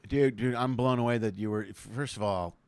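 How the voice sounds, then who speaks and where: A man hosting a casual comedy interview over a video call, joking and excitable, jumping from loud bursts to low mutters. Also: normal speed, smooth, no room sound. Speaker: comedian host of a video chat show.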